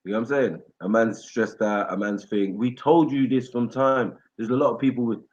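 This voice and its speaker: A man's voice: mid-range voice, steady tone, normal speed, darkish tone, dull audio. A man, talking in laid-back, mumbling slang.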